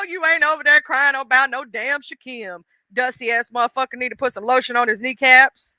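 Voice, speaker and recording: A woman's voice: sits high, fairly even intonation, brisk, hardly any pauses, pushed and bright, no echo. A woman hosting a casual livestream, chatting emotionally and greeting viewers in chat by name. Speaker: livestream host.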